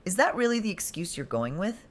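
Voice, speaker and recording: A woman voicing a cruel, contemptuous man who mocks in a calm, drawn-out way, in a story read aloud. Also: medium pitch, pitched above the performer's own voice. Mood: cold mockery. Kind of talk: scripted story narration.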